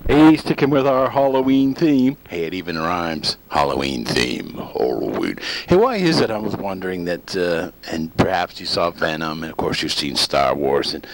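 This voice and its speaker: Middle-aged male host, rambling and jokey, slightly low voice, casual solo show. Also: very animated, normal speed, low-quality recording.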